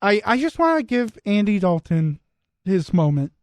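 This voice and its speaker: A man's voice: high-pitched, big pitch swings, moderate pace, no room sound. A young man hosting a radio sports show, teasing his co-hosts in casual banter. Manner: teasing, wry, lots of restarts. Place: radio studio.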